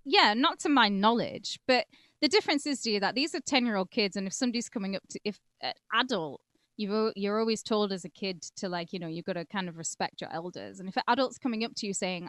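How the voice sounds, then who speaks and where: A woman's voice: medium pitch, fast talker, fairly bright tone, no room sound. A woman co-hosting a true-crime podcast, talking casually and swearing freely. She moves between reading case notes and telling loose stories. Her voice sits close and dry against the mic. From England (Cumbria). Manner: chatty and profane, drifts between reading and joking. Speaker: podcast co-host.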